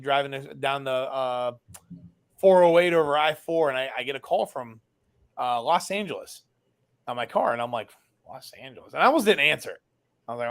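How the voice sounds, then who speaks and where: A man's voice: fairly high pitch, vocal fry, fairly bright tone. A man, a business founder and guest, telling a story casually and animatedly, acting out dialogue with lots of fillers.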